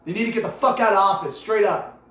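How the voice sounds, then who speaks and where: High-voiced man ranting preachily to camera. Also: quick pace, fairly bright tone. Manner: emphatic and preachy, stacks rhetorical questions; repeats himself, stumbles into restarts. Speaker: vlogger. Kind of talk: impassioned political rant to camera. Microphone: camera mic. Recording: echoey room with faint music behind.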